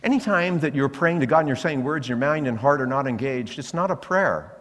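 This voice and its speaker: A man's voice: mid-range voice, a little fast. A man preaching a sermon, telling stories and acting out the voices he heard. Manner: animated storytelling, acting out voices. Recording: long hall reverb.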